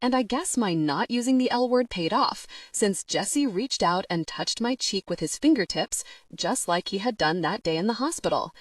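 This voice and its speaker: A woman narrates a first-person audiobook with a chatty, wry tone. Her pitch moves a great deal, rising and falling through each sentence. The recording is close and dry, with no room sound. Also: animated, normal speed, no echo. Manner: chatty, wry teen-girl storytelling.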